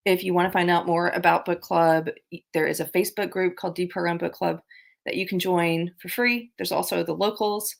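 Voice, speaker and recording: Woman livestream host, low voice, easygoing, reads out viewer comments. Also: steady tone, fairly quick, vocal fry. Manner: chatty, reads viewer comments aloud, laughs often. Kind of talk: casual livestream chat. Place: abroad on a trip.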